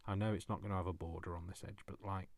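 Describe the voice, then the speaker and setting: Low-voiced man scolding himself while crafting. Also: steady tone, rapid-fire, creaky, background noise. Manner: chats to himself, scolds himself by name; jokey, self-mocking, chuckles. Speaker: crafting channel host. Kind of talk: casual crafting vlog talk.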